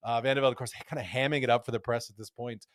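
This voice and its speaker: A man's voice: mid-range voice, steady tone, very fast, dry recording, clean studio sound. A man hosting a casual podcast. He tells stories in a wry, jokey way and reads quotes aloud. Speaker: podcast host.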